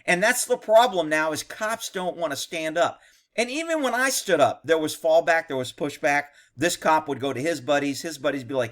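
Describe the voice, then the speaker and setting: A man's voice: fairly high pitch, a little fast, a bit bright. A man, a former police officer, giving blunt, profane, indignant commentary on a video. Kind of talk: reaction commentary.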